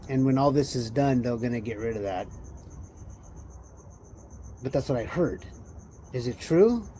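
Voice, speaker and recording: A tired man chats on his livestream in a loose, wandering way, firing off questions and answering them himself. His voice is mellow and relaxed, sitting at a middle pitch. Faint crickets chirp in the background. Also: unhurried, slight background noise. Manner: loose, musing, wandering talk with rhetorical questions. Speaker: livestream host. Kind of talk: rambling casual livestream chat.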